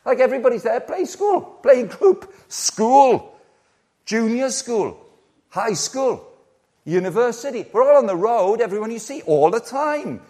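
A man, preaching a sermon in a lively, conversational way, full of rhetorical questions and playful asides. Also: very high voice, unhurried. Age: 60s.

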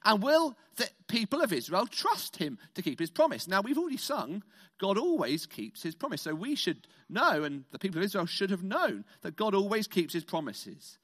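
A man from Britain preaching an all-age sermon, animated and playful, leading the congregation in call-and-response. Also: sits high, moderate pace.

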